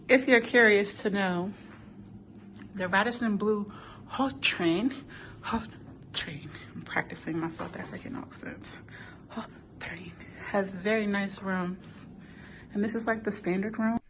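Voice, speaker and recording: A woman vlogger walks through a hotel room on camera, talking in a relaxed, enthusiastic way. Her voice sits in a middle register. A faint hum of the room runs underneath. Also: mid-range voice, rough recording. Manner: chatty, enthusiastic. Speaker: travel vlogger. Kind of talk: casual hotel room tour.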